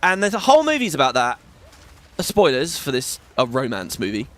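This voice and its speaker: A man's voice: medium pitch, wildly swooping pitch, moderate pace, fairly bright tone. A British man in his thirties chatting casually and rambling while playing a video game. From Britain. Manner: chatty, rambling, swears, many restarts. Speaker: gaming YouTuber. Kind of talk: casual gameplay commentary.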